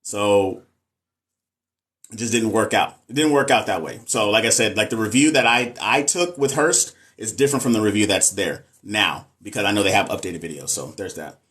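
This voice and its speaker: A man's voice: fairly low pitch, moderate pace, fairly bright tone. A man with a Texas Southern accent, hosting a casual livestream, reading comments aloud and talking candidly about nursing. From American South. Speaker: nurse and livestream host.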